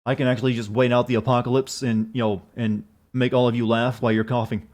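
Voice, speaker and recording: A man's voice: mid-range voice, level tone, fast, a little mellow. Rambling, profane male game streamer. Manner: rambling, profane, answers chat messages. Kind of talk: casual chat while streaming a game.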